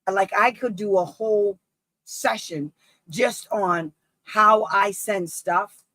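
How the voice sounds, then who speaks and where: Woman advocate, live-stream chat, husky and dry, blunt with frequent laughs. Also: mid-range voice, fairly bright tone, dry recording, low-quality recording. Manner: blunt, emphatic, laughs often. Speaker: special education advocate. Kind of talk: live-streamed casual talk.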